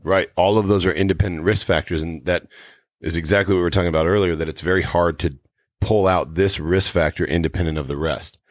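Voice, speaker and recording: Deep-voiced earnest podcast host man. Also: steady tone, no echo, clean studio sound. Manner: earnest, measured explaining. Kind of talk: casual podcast chat.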